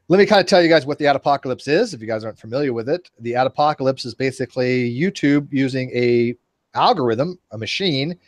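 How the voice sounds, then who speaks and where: A man's voice: medium pitch, no room sound. Rambling, joking man in his forties. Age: 40s. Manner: rambling, joking, self-mocking. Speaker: host. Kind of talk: casual panel chat.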